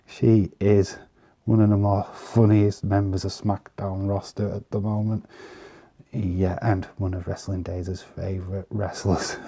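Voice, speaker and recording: A man casually commenting on trading cards in an easygoing, chatty way, pausing often with fillers. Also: sits low, level tone, mellow, husky. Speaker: vlogger showing trading cards.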